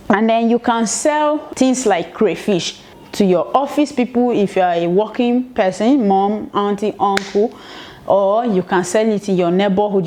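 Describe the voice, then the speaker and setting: A Nigerian mother vlogs casually, handing out business tips while rambling through conversational asides. Her voice sits in the mid-range with a darkish tone.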